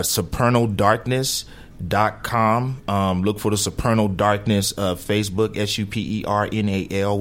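A man talking as an interview guest, eager and rambling with lots of fillers. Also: on the low side. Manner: eager, rambling, self-promoting. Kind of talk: casual interview chat.

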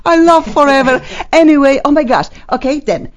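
A woman hosting a talk show with excitable, effusive, slightly non-native phrasing. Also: sits high, normal speed. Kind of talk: casual chat. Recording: slightly dull lo-fi sound.

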